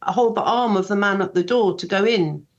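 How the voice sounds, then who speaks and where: Older woman, guest on a radio chat, self-deprecating storyteller, medium pitch, slightly muffled sound. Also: moderate pace. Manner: chatty, self-deprecating, acts out quoted dialogue. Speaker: guest author. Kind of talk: casual radio interview.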